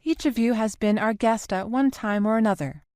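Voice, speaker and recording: A woman voicing a gentle, somewhat nervous motherly woman speaking earnestly, in an audiobook. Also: on the high side, moderate pace, no echo, clean studio sound, pitched above the performer's own voice, natural voice.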